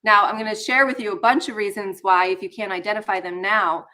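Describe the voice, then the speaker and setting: A woman's voice: mid-range voice, fairly even intonation, a little fast, pushed and bright. A woman hosting a live online session, teaching casually and talking straight to viewers while a bit under the weather. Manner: chatty, talks straight to viewers, greets chat.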